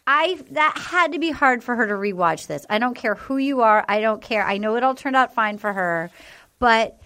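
A woman hosting a podcast, telling stories in an animated, casual way and swearing now and then. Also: on the high side, moderate pace. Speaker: podcast host. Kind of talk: casual chat recapping a reality show.

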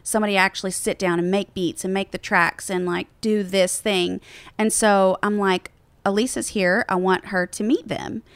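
Animated woman telling a story. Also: medium pitch, moderate pace, no room sound. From Nashville-based. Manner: animated, acts out quotes in raised voice. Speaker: music publishing executive. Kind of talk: casual storytelling chat.

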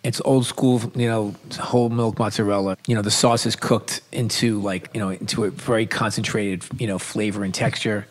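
A man with a New York accent co-hosting a podcast, telling food stories with enthusiasm and quick restarts. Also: on the low side, fairly even intonation. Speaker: podcast co-host. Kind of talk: casual chat.

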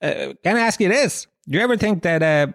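A man's voice: high-pitched, animated, brisk, creaky, a bit bright, no echo. A young Irish man hosting his own podcast, telling rambling, profane, jokey stories into a close mic. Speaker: podcast host. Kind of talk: comic monologue.

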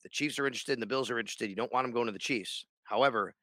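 Bright-voiced male sports radio host. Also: medium pitch, very fast, dry recording. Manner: rambling, many restarts and fillers. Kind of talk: casual podcast chat.

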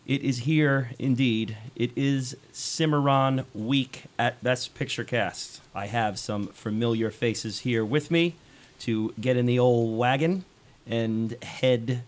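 A man's voice: medium pitch, slow. A man hosting a casual movie podcast, joking and sarcastic as he introduces the show and his co-hosts. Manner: playful, sarcastic intro patter. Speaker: podcast host.

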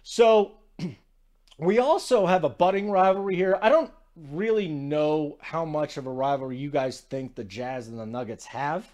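A man's voice: fairly high pitch, measured pace. Chatty man hosting a sports betting show. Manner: chatty, energetic, digressive. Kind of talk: casual sports talk.

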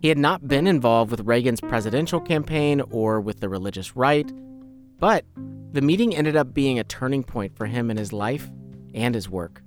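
A man hosting a podcast, narrating a story in a measured, explanatory way. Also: medium pitch, expressive, faint music behind. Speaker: podcast host.

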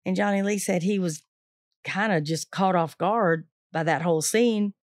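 A woman teacher retelling a true story to listeners, lively and acting out the quoted voices. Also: fairly low pitch, normal speed, no room sound, studio quality.

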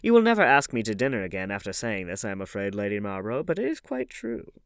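A man reading an audiobook, voicing a witty, cynical aristocratic gentleman with languid epigrams. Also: fairly low pitch, huge pitch swings, quick pace, vocal fry, clean tone, dry recording, full character voice. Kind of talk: audiobook character voice.

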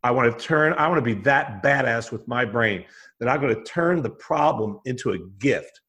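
A man's voice: medium pitch, lively intonation, normal speed, fairly bright tone. A man explaining a mindset method in an emphatic, conversational way, often acting out his own inner voice and checking in with "right?". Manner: emphatic, repetitive, acts out his own thoughts in quotes; frequent restarts and "right?" tags.

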